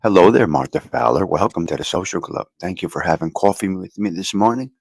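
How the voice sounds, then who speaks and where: A man's voice: deep voice, animated, fairly quick, creaky, low-quality recording. A man hosts a loose morning livestream, greeting viewers by name and cracking jokes as he goes. His voice sounds a little worn after a long night. He talks into a cheap handheld mic that he shifts closer to and farther from his mouth. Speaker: livestream host. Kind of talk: casual live chat reading viewer comments. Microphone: cheap handheld mic moved near and far.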